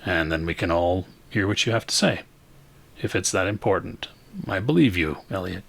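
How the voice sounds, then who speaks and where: A man's voice: low voice, creaky, fairly bright tone, heavily acted. A man voicing a cautious middle-aged shopkeeper who speaks hesitantly. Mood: concerned. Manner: hesitant, measured, trusting.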